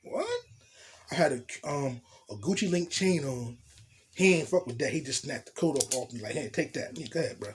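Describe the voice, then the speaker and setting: A man telling a storytime tale in profane street slang, animated and blunt. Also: mid-range voice, brisk, a little hiss or hum. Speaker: storytelling vlogger. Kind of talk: casual storytime monologue.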